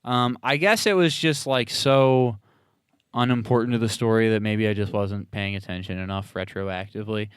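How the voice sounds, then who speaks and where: A man's voice: lowish voice, moderate pace, clear, resonant tone, no echo, clean studio sound. A man co-hosting a podcast, recapping a film in a rambling, casual way with lots of fillers. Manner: rambling, filler-heavy recap with playful quoted voices. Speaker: podcast co-host. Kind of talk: casual movie recap chat.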